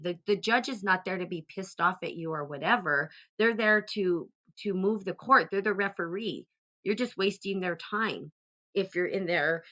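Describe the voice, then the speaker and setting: A woman hosting a casual talk, rambling along with many fillers and restarts, turning animated as she retells a story. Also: lowish voice. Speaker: host.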